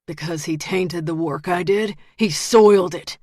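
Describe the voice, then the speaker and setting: A woman reading the lines of a calm, menacing male detective who turns out to be a killer, in a quiet, flat voice. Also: on the low side, measured pace, no echo, studio quality. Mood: cold menace.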